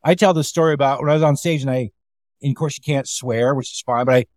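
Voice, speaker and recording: A man who is a stand-up comedian, telling road stories in casual chat on a remote call, animated and swearing freely as he acts out other people's voices. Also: medium pitch, fast, no room sound, studio quality.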